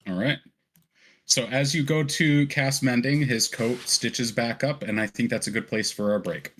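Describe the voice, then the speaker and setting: An easygoing man running a tabletop game, narrating the scene with plenty of ums and uhs. His voice is a middle-pitched everyday tone with a steady, low-key delivery. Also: moderate pace. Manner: easygoing, hesitant with fillers. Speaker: game master.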